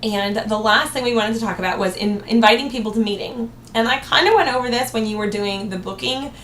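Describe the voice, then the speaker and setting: A woman's voice: fairly high pitch, brisk, fairly bright tone. A woman giving a sales training talk, upbeat and acting out cheerful sample replies to customers. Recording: echoey room with faint noise.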